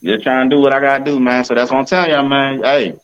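A man's voice: medium pitch, fairly even intonation, quick pace, clean tone. Laid-back male podcast co-host, lo-fi. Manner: laid-back, keeps asking "you know what I'm saying". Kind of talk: casual chat.

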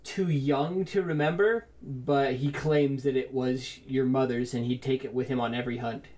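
A man as game master, narrating a tabletop game in a relaxed, amused way. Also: mid-range voice, moderate pace.

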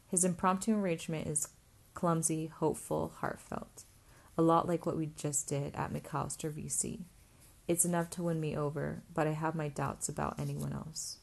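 A woman with a low voice reads a first-person novel aloud. Her audiobook narration is steady and even. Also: normal speed, gravelly.

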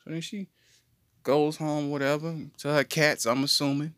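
A man telling a comedic story on a podcast in an animated, slangy way. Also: on the high side, moderate pace, dry recording, studio quality. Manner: animated, slangy, jumps into voices. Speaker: podcast co-host.

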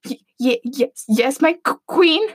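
A woman's voice: high-pitched, sing-song, measured pace, a bit bright, no room sound, exaggerated voice. A woman voicing a scrawny, nervous male huntsman who stutters and apologizes. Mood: scared.

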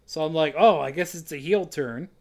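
High-voiced man recapping with sarcastic asides. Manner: sarcastic, quick asides, acts out lines in silly voices. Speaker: podcast co-host recapping a film. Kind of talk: casual comedic chat.

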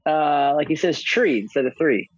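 A man co-hosting a casual podcast, telling animated stories and mimicking the people in them. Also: on the high side, moderate pace, dull audio, a little hiss or hum. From New York family. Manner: animated storyteller, mimics voices. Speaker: podcast co-host. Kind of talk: casual chat.

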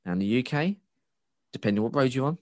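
A man's voice: medium pitch, expressive, fast, dry recording, studio quality. A man co-hosting a casual chat, ranting and swearing as he rambles with many restarts. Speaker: podcast co-host.

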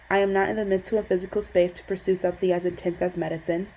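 A woman's voice: lowish voice, dark tone, slight background noise, rough recording. Candid young woman hosting a podcast. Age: about 20. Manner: candid and emotional, swears casually. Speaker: podcast host. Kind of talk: casual solo podcast monologue. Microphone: built-in device mic, external mic off.

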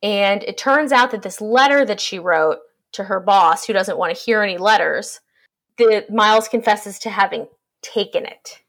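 A woman's voice: medium pitch, moderate pace, fairly bright tone. A woman on a podcast casually summarizing a story, irreverent and swearing freely as she jokes along. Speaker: podcast co-host. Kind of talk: casual book discussion chat.

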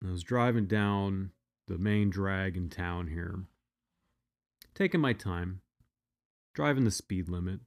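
A man's voice: deep voice, takes it slowly, pauses often. A man telling a personal story in a casual, blunt, profane way, often restarting his sentences.

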